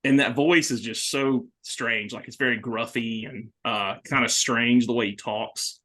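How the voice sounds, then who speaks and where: A man hosting a horror movie podcast, talking casually and excitedly with many restarts. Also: medium pitch, unhurried. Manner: rambling, animated, many restarts. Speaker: podcast host. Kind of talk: casual movie review chat.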